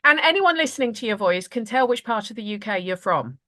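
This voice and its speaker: A woman's voice: a little high, expressive, brisk, bright, forceful tone. A woman with an Essex accent hosting a podcast interview, chatty and rambling with frequent laughs. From Essex, England. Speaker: podcast host.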